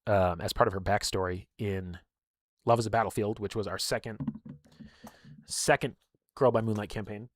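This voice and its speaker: A man's voice: lowish voice, fairly even intonation, normal speed, pauses often, dry recording, studio quality. A man telling stories in casual chat, rambling with many fillers and openly emotional. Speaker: streamer and game player.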